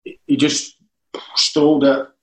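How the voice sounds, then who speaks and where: A man's voice: fairly high pitch, little pitch movement, a little slow. Rambling man in an echoey room. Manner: anecdotal, rambling storyteller. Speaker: former football manager. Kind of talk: casual interview chat.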